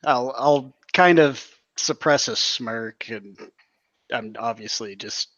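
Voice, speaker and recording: A man's voice: medium pitch, takes it slowly, a bit bright, dry recording. Easygoing guy playing a tabletop game, mid voice, dry muffled mic. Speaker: player.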